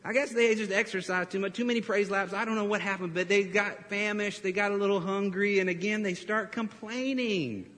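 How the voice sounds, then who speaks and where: A man preaching a sermon as pastor, animated and storytelling, breaking into laughs and acting out quotes. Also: high voice, a little fast, hardly any pauses. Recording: reverberant hall.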